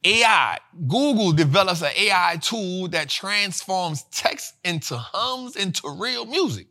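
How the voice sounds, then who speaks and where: Host type: high-pitched man, punchy, slangy, hyped finance commentary. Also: unhurried, few pauses. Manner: animated, repeats lines for emphasis, slangy. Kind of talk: energetic casual commentary.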